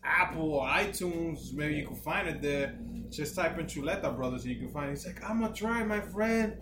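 A man chats as a podcast co-host. He tells his stories with animated voices for each person in them and swears freely. The room rings with echo, and a steady noise sits behind him. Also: fairly high pitch, fairly quick. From New Jersey, United States. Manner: animated storyteller, swears, slips into voices of others. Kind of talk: casual podcast chat.

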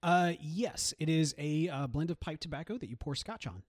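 High-voiced guy cracking jokes on a podcast, laughs a lot, dry close mic. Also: lively intonation, moderate pace, dry recording. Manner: joking, self-mocking, laughs easily. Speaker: podcast co-host. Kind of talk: casual chat.

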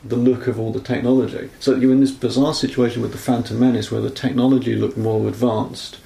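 A man's voice: medium pitch, level tone, a little fast, creaky, mellow, roomy sound. A man co-hosting a casual film podcast, rambling and correcting himself as he talks. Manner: rambling, self-correcting, apologetic about being nerdy. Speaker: podcast co-host.

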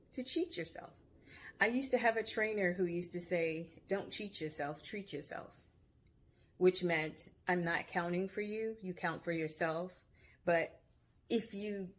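Encouraging woman podcast host, lower voice. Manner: upbeat, encouraging, conversational. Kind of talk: motivational self-help talk. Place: home. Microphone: video podcast camera mic.

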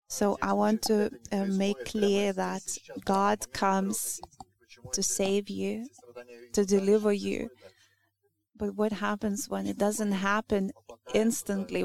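A woman whose first language is Lithuanian, preaching a sermon in an earnest, halting way with many restarts. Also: medium pitch, gravelly, a little mellow.

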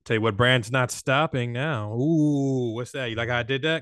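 A man co-hosting a podcast, joking around with playful, animated banter. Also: mid-range voice, moderate pace, hardly any pauses. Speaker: podcast co-host.

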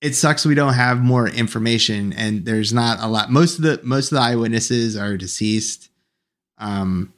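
A man co-hosting a casual podcast, relaxed and chatty, with quick agreeing asides. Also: mid-range voice. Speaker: podcast co-host.

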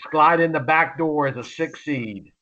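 A man co-hosting a sports podcast, chatting casually about picks in an excitable, rambling way with lots of restarts. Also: fairly high pitch, measured pace, muffled recording. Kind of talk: casual sports betting chat.

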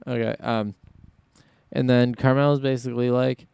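A man's voice: medium pitch, measured pace, darkish tone, clean tone, no echo, studio quality. A man hosting a solo podcast in casual chat, rambling and thinking aloud as he goes. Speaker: podcast host.

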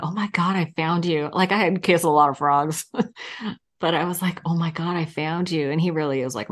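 A woman in her fifties, a podcast guest in casual interview chat, telling candid stories and laughing often. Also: low-pitched.

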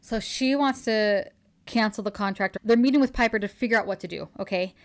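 Gushing woman recapping a story. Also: mid-range voice. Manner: chatty and gushing, laughs often, retells scenes quickly. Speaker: podcast host recapping a book. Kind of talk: casual chat.

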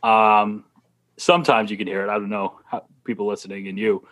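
A man's voice: on the low side, level tone, a little fast, a bit bright. A man with a slight Boston accent chatting casually as a podcast guest, laughing through his stories. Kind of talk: casual chat.

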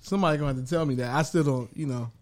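A man's voice: a little high, very fast. A man co-hosting a casual podcast, joking around and laughing often. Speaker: podcast co-host.

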